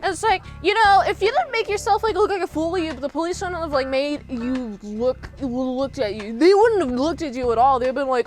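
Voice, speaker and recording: A woman's voice: high voice, expressive, moderate pace, few pauses, faint music behind. A young woman casually recapping a movie, rambling with lots of fillers and popping into goofy impressions of the characters. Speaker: movie reviewer.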